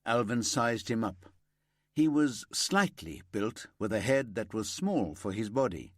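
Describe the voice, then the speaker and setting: A man narrating a crime thriller audiobook in a steady, lively storytelling manner on a close mic. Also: lowish voice, unhurried, no echo.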